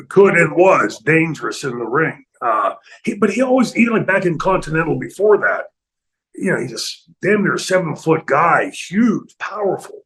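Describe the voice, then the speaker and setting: A middle-aged man casually telling stories in a studio interview, animated and laughing often, acting out other people's lines. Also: a little high, moderate pace, low-quality recording. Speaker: retired pro wrestler guest telling stories. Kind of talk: casual storytelling in a podcast interview.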